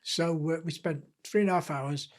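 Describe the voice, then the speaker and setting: A man's voice: fairly high pitch, normal speed. A man, a guest author telling long, rambling stories in an interview. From England (Blackpool). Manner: chatty storyteller, easy and rambling. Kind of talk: reminiscing interview.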